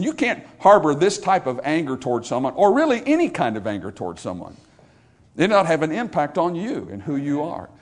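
Male pastor, high, animated voice, emphatic sermon with call-and-response.

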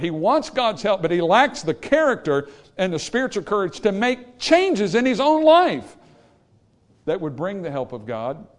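A male pastor preaching a sermon, swinging from quiet explanation to loud emphatic calls to the congregation. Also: fairly high pitch.

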